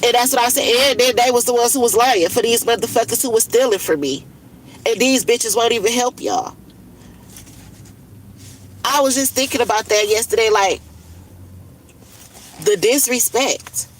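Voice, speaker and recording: A woman's voice: on the high side, moderate pace, pauses often, a little hiss or hum, low-quality recording. Blunt, profane woman in her thirties venting. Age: 30s. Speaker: livestreamer. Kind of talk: casual venting monologue.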